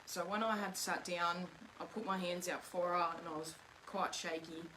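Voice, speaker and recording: A woman's voice: fairly low pitch, steady tone, normal speed, sharp tone, a little hiss or hum, low-quality recording. A young woman, earnestly telling a personal story on a live chat and retelling the dialogue. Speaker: guest, host's daughter.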